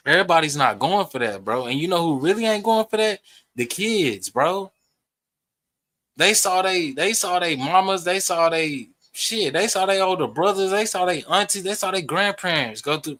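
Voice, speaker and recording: Young male streamer, bright and forceful tone, confrontational and profane reaction rant. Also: high-pitched, animated, normal speed. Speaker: streamer reacting to a debate clip.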